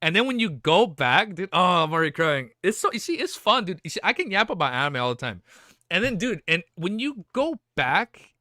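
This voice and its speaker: A young man livestreaming from home, rambling excitedly with lots of swearing and restarts. His pitch swings widely and his tone is bright. The sound is close and dry, with no room in it. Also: a little fast, no room sound. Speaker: livestream host. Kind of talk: casual stream chat.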